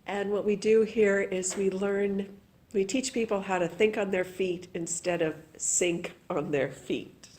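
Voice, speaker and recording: Woman, meeting chair, mid-pitched, encouraging, laughs often, meeting room. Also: fairly even intonation, a little slow, a little mellow.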